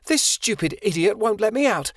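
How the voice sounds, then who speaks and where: A man's voice: high voice, sing-song, fairly quick, no echo, clean studio sound, pitched above the performer's own voice. A man voicing a haughty, defiant teenage princess who snaps and demands. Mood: demanding.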